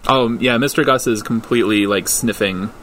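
A man narrating as game master of a tabletop role-playing game, relaxed and unhurried, with many fillers. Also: fairly low pitch, slight background noise.

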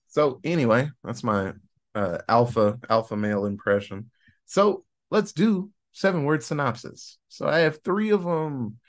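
A man's voice: medium pitch, expressive, a little slow. A man co-hosting a casual horror movie review podcast, rambling, swearing and laughing often. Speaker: podcast co-host.

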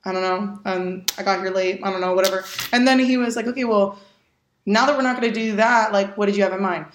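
A woman's voice: mid-range voice, quick pace, noisy background. A young adult woman, a podcast guest, telling casual stories with lots of laughing, swearing and acted-out dialogue. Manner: animated, acts out dialogue, swears freely, laughs often. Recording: echoey room.

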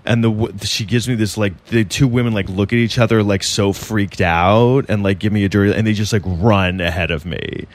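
A man's voice: fairly low pitch, steady tone, normal speed, few pauses. A man telling a long story in casual podcast chat, rambling and full of fillers and swearing.

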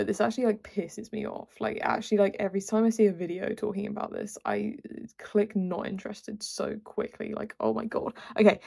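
Rambling young woman with a gravelly edge. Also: medium pitch, darkish tone. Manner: rambling, exasperated, full of filler words. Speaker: podcast host. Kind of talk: casual solo chat.

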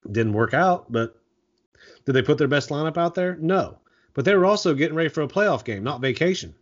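A man co-hosting a casual sports talk show, recapping and analyzing in a measured way. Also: fairly high pitch, expressive. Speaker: podcast co-host. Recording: dull lo-fi sound.

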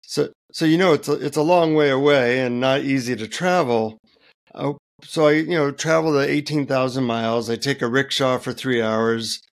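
A middle-aged man, a guest author, telling relaxed anecdotes in an interview with many fillers. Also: medium pitch, moderate pace. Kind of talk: interview storytelling.

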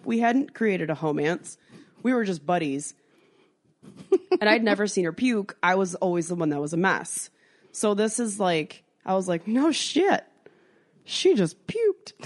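A woman co-hosting a podcast, telling a wild night-out story in a casual, animated way, swearing freely and acting out the voices of the people in it. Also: lowish voice, moderate pace. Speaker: podcast co-host.

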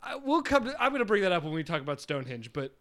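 A man chats casually about a movie on a podcast, laughing often as he keeps the talk moving. His voice sits high and swings widely in pitch. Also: very animated, rapid-fire, fairly bright tone, a little hiss or hum. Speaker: podcast co-host.

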